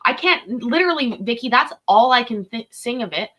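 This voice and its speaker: Chatty woman with a bright voice. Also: a little high, big pitch swings, normal speed. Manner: rambling, chatty, swears freely. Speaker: live-stream host reacting to a court show. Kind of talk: casual live commentary.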